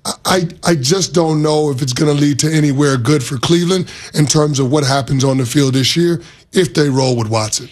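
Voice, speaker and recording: A man co-hosting a sports radio show who lays out his arguments in a measured, reasoned way. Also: fairly high pitch.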